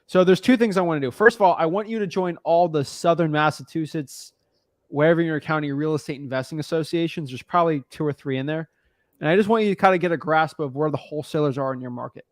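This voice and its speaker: A man's voice: on the high side, quick pace, no echo, studio quality. A man coaching a newcomer on real estate wholesaling in a casual, blunt, slangy way.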